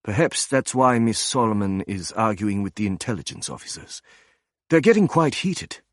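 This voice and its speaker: A man voicing a composed young male academic doctor with a soft German accent, polite and formal. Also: fairly low pitch, big pitch swings, moderate pace, no room sound, studio quality. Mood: measured. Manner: polite, formal, smoothly unruffled.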